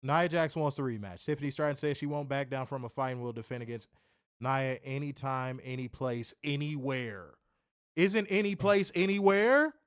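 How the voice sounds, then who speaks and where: A man's voice: mid-range voice, fairly even intonation, moderate pace, clean tone, dry recording, clean studio sound. A man co-hosting a wrestling review in casual chat, sarcastic and exasperated, often restarting his sentences. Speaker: wrestling show co-host.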